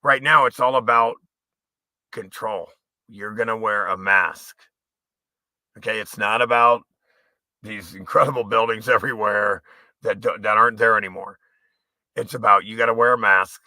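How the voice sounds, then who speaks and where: Brief: profane male livestream host, rambling rant, bright edgy tone. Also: on the low side, fairly even intonation, moderate pace, pauses often, dry recording. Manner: profane, angry, rambling, sometimes shouting.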